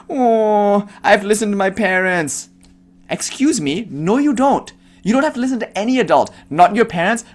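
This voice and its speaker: A man giving a devotional talk as a spiritual teacher, turning into a blunt, impassioned rant that swears freely and mocks the people he imagines asking him questions. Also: on the high side.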